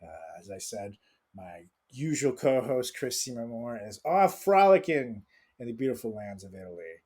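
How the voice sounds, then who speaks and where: A man's voice: mid-range voice, very animated, normal speed, darkish tone, breathy edge. Jokey, rambling young male podcast host. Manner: jokey, rambling, many fillers. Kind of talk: casual podcast chat.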